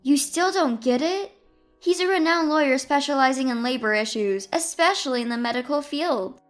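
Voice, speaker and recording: A woman's voice: high-pitched, moderate pace, faint music behind, lightly acted. Woman reading anxious hospital woman. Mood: urgent. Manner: urgent, scolding.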